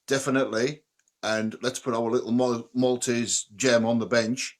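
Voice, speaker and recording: A man talks as a guest on a relaxed sports chat show, in a mid-range voice. He gets excited and repeats himself, stacking up short phrases. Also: medium pitch, moderate pace. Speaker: podcast guest.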